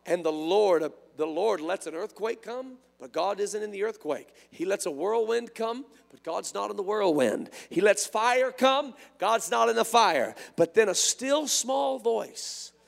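Man, preacher, impassioned sermon, strained gravelly voice, long hall reverb. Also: high-pitched, animated, measured pace, few pauses. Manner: impassioned, swings between hushed and shouting. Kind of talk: revival sermon.

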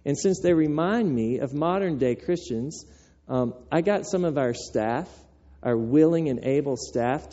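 A man preaching a sermon as pastor, telling the story in a conversational, animated way, on a dull lo-fi recording. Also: on the high side.

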